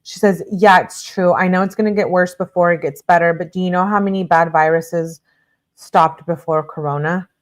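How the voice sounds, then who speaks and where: A woman with a lowish voice reads a string of text messages aloud as a true-crime host. She moves through them briskly and stops now and then to add blunt comments of her own. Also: fairly even intonation. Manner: brisk reading punctuated by blunt asides.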